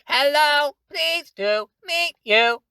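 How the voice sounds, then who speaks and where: High chirpy little robot gnome, slow clipped singsong notes, dry close sound. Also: male voice, expressive, creaky, bright, forceful tone, no room sound, exaggerated voice. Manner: clipped words in a melodic up-down singsong.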